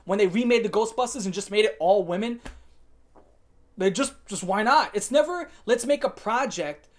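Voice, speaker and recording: A woman's voice: medium pitch, animated, moderate pace. A woman hosting her own channel, delivering an emphatic, sarcastic opinion rant and mocking the people she talks about. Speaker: channel host.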